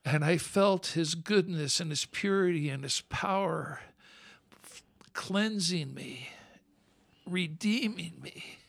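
A man's voice: on the high side, slow, creaky, a bit bright, no echo. A man as a podcast guest, telling his own story in an earnest, heartfelt way.

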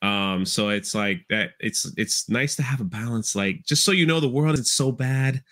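A man speaking as a guest on a casual live stream, halting with many ums and likes, and laughing often. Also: mid-range voice, fairly bright tone.

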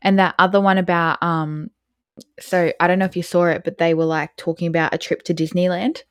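A woman's voice: lowish voice, little pitch movement, brisk, smooth, no room sound. A young woman co-hosting a podcast in casual chat, blunt and laughing often. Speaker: podcast co-host.

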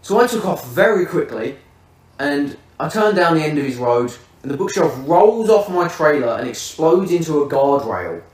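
A man's voice: a little high, very animated, normal speed. Swearing, comic storytelling man. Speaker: podcast host. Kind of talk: casual storytelling. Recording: roomy, distant mic.

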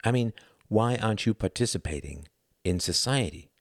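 A man voicing an earnest, intense German mentor who speaks in a measured, gentle way. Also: lowish voice, animated, no room sound, clean studio sound, pitched above the performer's own voice.

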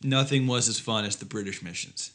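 Speaking fairly quickly in a lowish, somewhat bright voice, a man co-hosts a comedy podcast. His banter is sarcastic and laced with swearing and mock outrage, all in a casual comedic vein.

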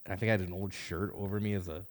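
A man's voice: deep voice, fairly even intonation, rapid-fire. A man co-hosting a casual podcast, teasing his co-host and laughing often. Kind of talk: casual chat.

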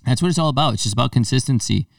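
A man's voice: mid-range voice, rapid-fire, gravelly, no room sound, clean studio sound, recorded from a distance. A man hosting a podcast, chatting casually and acting out voices as he tells stories. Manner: animated storyteller, acts out quoted voices. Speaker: podcast host. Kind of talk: casual chat.

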